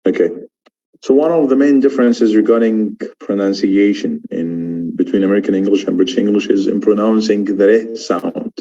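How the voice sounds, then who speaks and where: A man's voice: on the low side, moderate pace, dark tone, muffled recording. A man teaching an English exam course, explaining pronunciation and repeating key words as he demonstrates them. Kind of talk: online lecture.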